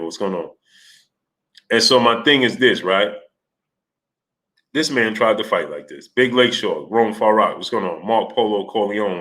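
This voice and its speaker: Bright-voiced man hosting a casual livestream. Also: fairly low pitch. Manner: greets chat viewers by name, rising to exasperated outbursts. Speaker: livestream host.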